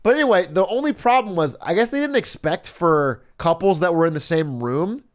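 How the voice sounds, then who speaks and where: A man streamer telling a story in casual chat, animated, laughing often and swearing freely. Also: sits high, brisk.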